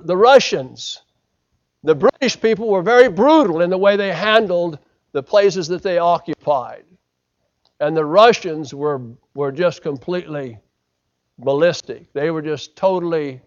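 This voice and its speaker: High-voiced preacher, dull lo-fi sound. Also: male voice. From United States. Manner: dramatic swings from loud to hushed, acting out quotes. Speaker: pastor. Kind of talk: sermon.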